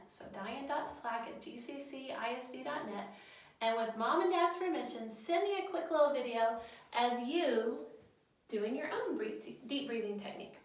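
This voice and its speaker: A woman school counselor giving a guidance lesson to children, gently leading breathing exercises step by step. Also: high-pitched, recorded from a distance, slight background noise. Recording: echoey room, voice set back from the mic.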